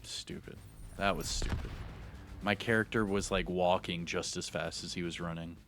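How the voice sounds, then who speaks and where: A man's voice: low-pitched, fairly even intonation, moderate pace, a bit bright. A man giving live, hyped, slangy commentary over his own gameplay, talking to himself as he plays. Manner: hyped, slangy, talks to himself while playing. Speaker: gaming YouTuber.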